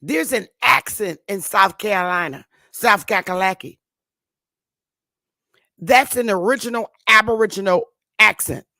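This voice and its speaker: Sharp in tone and mid-range in pitch, a fifty-something woman with a Connecticut accent hosts a talk show, speaking a little slowly with long pauses. She drags out her words as she lectures the audience emphatically and repeats herself, recorded without echo.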